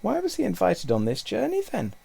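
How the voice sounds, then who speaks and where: A man's voice: sits high, huge pitch swings, a little fast, gravelly, darkish tone, husky, pitched above the performer's own voice, heavily acted. A man reading a storybook aloud, voicing an eager, curious young boy who asks earnest questions. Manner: inquisitive, earnest.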